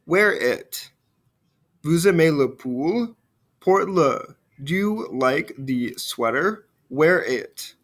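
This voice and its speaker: A man teaches a recorded French grammar lesson step by step, slowing down to model the French phrases. His voice is on the high side with lively intonation. He uses frequent fillers and trails off quietly at the ends of phrases.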